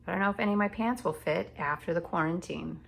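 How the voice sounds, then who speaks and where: A woman's voice: lowish voice, fast, creaky. A middle-aged woman teaching kindergarten from home, talking to young children in an encouraging sing-song way. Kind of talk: remote class lesson. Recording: echoey room with noise.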